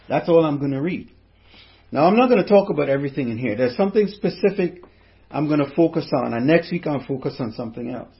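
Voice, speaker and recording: A man with a high voice preaches a sermon, stopping often to put questions to his listeners. The recording is dull and lo-fi. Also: lively intonation, quick pace. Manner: preaching with rhetorical questions to the congregation. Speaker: pastor.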